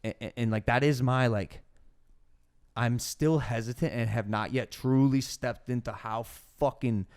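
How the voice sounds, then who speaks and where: A young man in his twenties hosting a casual podcast chat, telling stories in an animated way and swearing freely. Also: medium pitch, measured pace, clean tone. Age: 20s. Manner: animated storytelling, heavy swearing. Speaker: podcast host.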